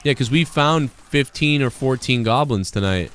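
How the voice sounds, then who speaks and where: A man's voice: mid-range voice, lively intonation, moderate pace, a bit bright, smooth. A man chatting casually on a gaming live stream, rambling and getting heated as he retells an argument.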